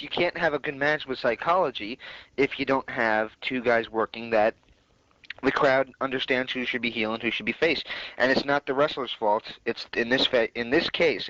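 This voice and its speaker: An opinionated male co-host rambles through stories in casual chat. His voice sits mid-pitch, and the sound is dry, dull, and lo-fi. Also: pushed and bright, dry recording. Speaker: podcast co-host. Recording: dull lo-fi podcast audio.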